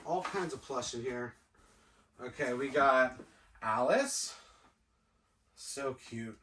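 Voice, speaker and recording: This toy collector vlogger goes through boxes slowly, murmuring casual thoughts to himself in a cluttered indoor room. His mid-range voice has a sharp tone, and the distant mic captures echo plus slight background noise.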